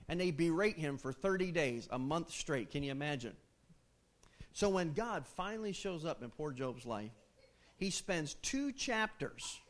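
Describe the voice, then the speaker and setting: A man preaching a sermon in an animated, conversational way, posing questions to his listeners. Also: sits high.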